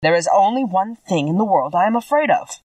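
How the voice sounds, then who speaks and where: Woman voicing a husky, gentle straw scarecrow. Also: mid-range voice, animated, fairly quick, no echo, distant mic, lo-fi sound, close to an everyday voice. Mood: friendly. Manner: polite, friendly and earnest.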